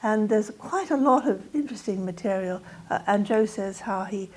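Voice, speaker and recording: An older woman delivering an academic lecture. She speaks in a measured, thoughtful way, with a middle-pitched voice and the odd filler as she moves through her points. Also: darkish tone, a little hiss or hum, low-quality recording. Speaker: guest speaker. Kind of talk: lecture talk.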